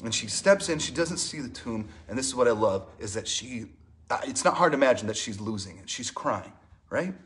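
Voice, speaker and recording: Conversational preacher man, loud then hushed. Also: mid-range voice, fairly quick. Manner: conversational preaching, frequent "right?" asides and restarts; swings from animated emphasis to soft, hushed delivery. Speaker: pastor. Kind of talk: sermon.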